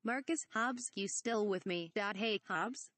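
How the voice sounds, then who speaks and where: A woman's voice: mid-range voice, a little slow, a bit bright, no echo, lightly acted. Woman reading a cocky squadron leader.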